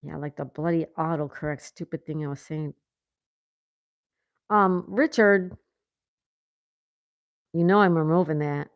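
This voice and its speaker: A woman with a lowish voice hosts a casual livestream and reads viewer comments aloud, laughing often. The sound is dry and close, with almost no room echo. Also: fairly even intonation, a little slow, pauses often, muffled recording. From United States. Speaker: livestream host. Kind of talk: casual live chat reading comments. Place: home in Florida.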